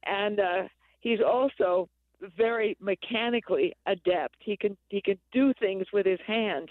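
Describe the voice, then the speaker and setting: A man's voice: sits high, measured pace, no room sound, phone-quality sound. A man discussing a novel on the radio, reading passages aloud with enthusiasm and chuckling.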